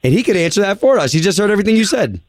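A man hosting a morning radio show in a studio, pushing his callers with brisk, prodding questions. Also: sits high, very animated, dry recording. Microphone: studio mic.

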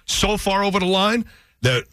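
A man's voice: high voice, lively intonation, normal speed, pushed and bright, no echo. A man hosting a radio show, scolding and exasperated, talking over his guest in a heated studio argument. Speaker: radio host.

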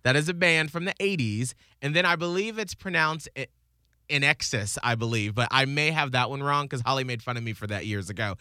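A man's voice: mid-range voice, fairly quick, bright, forceful tone, clear, resonant tone, dry recording, studio quality. A man hosting a radio show, steering a casual chat in a playful way. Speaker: radio host. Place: radio studio.

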